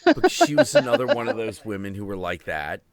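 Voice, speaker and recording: A man in his thirties hosting a casual stream chat, telling stories in an animated, profane way. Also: on the low side, brisk, vocal fry, a crowd in the background. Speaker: host.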